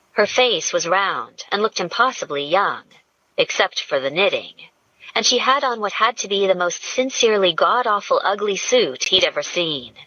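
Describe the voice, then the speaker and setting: A woman narrating an audiobook in a slow, measured storytelling manner. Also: on the low side, sharp tone, no room sound. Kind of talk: scripted narration. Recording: dull lo-fi dry audio.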